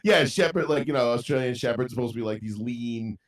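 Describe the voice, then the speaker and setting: This podcast co-host is a young man whose mid-range voice moves a little fast. He laughs his way through a long, rambling, profanity-laced story during a casual, storytelling-style chat.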